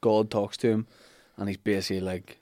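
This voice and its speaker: A man's voice: level tone, fairly quick, warm tone, no echo, studio quality. Bantering man. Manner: banter, acts out characters in a low mumble. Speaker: podcast co-host. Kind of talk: casual comedic history chat.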